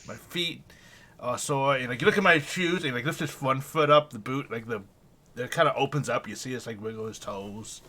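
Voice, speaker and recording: A man's voice: medium pitch, moderate pace, bright, forceful tone. Playful man running a tabletop game. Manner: playful, slips into character voices. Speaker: game master.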